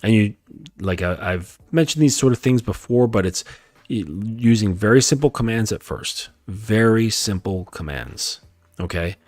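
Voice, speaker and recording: A male dating coach giving a calm, emphatic coaching talk, repeating his points and often checking in with "okay?". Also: lowish voice, a little slow, dry recording. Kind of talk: lecture-style coaching talk.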